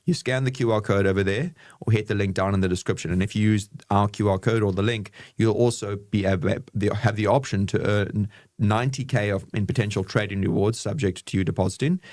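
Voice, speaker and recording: A man's voice: steady tone, a little mellow, no room sound, studio quality. A man co-hosting a live crypto news show, talking casually and calling people bro. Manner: casual, says bro and man, quick pitch. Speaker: co-host.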